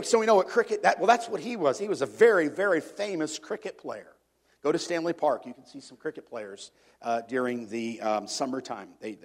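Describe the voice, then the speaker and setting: High-voiced man preaching conversationally. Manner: conversational, asks the congregation questions, repeats words. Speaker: pastor. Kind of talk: sermon. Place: church before a congregation.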